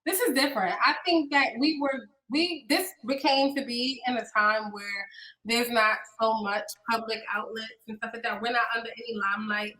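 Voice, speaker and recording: A woman's voice: a little high, normal speed, bright, forceful tone, low-quality recording. A woman hosting a podcast in casual chat, talking loosely with many ums and restarts. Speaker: podcast host.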